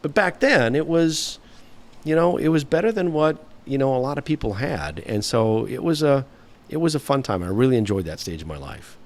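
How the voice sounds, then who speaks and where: A man's voice: mid-range voice, expressive, moderate pace. A man in his fifties, a guest on an interview show, telling long stories with loose, rambling phrasing and many fillers. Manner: rambling, anecdotal, frequent "you know" fillers. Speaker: guest, former automotive engineer. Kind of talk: storytelling interview answers.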